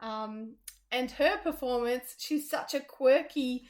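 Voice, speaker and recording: A woman with a fairly high voice discusses a stage production in a relaxed chat. She is thoughtful and pauses often with ums as she picks her words. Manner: thoughtful, hesitant with many ums. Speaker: theatre reviewer. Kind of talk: casual review chat.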